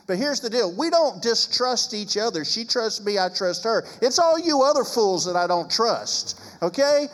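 A man's voice: sits high, animated, moderate pace, hardly any pauses, in a large hall. A man who is a pastor, speaking about marriage in a preaching style with emphatic, sarcastic asides.

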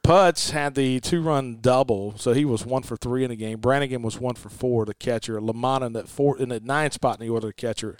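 A man hosting a sports talk show, chatting casually about a baseball game and reading the stats in a folksy, animated way. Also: mid-range voice, dry recording. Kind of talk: casual sports podcast chat.

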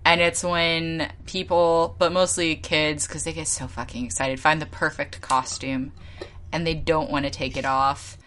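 Young woman podcast co-host, bright lowish voice, animated casual storyteller. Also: unhurried. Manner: animated storytelling, laughing often. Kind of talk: casual chat.

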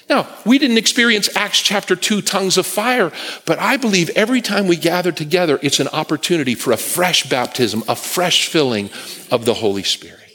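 Lively bright-voiced man preaching in a hall. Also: fairly high pitch. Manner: storytelling, humorous asides to the congregation. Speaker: guest preacher. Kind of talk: sermon. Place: church sanctuary with congregation. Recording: long reverb of a large hall.

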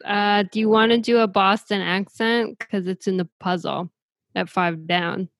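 A woman chatting casually as a co-host, slow and laid-back, with a teasing edge. Her voice has a gravelly fry, and the sound is close and dry. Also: medium pitch, fairly even intonation, no room sound. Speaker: podcast co-host. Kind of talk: casual chat.

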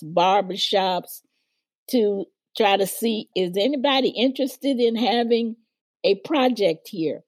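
Speaking in a low, slightly mellow voice with no room sound, an older woman recalls her past vividly as a guest in a storytelling interview. She was once a civil rights organizer and acts out the people she quotes.

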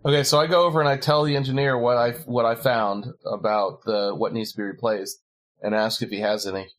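A man's voice: mid-range voice, steady tone, a little fast. A man playing a tabletop game, plainly describing what his character does. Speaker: player. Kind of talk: casual tabletop play.

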